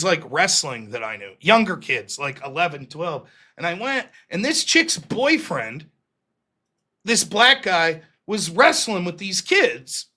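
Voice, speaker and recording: A male stream host rambles through crude stories from his youth, his voice pitched high and sounding bright. He talks casually and swears often, and he acts out the people he quotes. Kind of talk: casual storytelling on a live stream.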